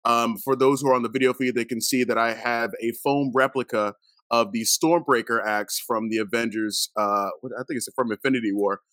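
A man's voice: mid-range voice, fairly even intonation, brisk, fairly bright tone, no room sound, studio quality. A man on a podcast panel, joking and rambling with lots of fillers. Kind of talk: casual podcast chat.

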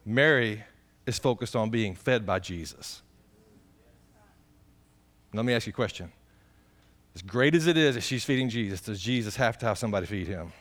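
A man's voice: lowish voice, lively intonation, normal speed, long pauses, fairly bright tone. A man, a pastor preaching a folksy, conversational sermon and putting direct questions to the congregation.

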